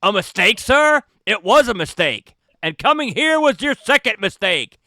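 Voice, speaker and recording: A man's voice: high-pitched, big pitch swings, moderate pace, sharp tone, dry recording, studio quality, pitched above the performer's own voice, heavily acted. A man voicing an indignant, haughty upper-class male passenger on a ship in a tabletop game, blustering and scolding. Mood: cold scorn.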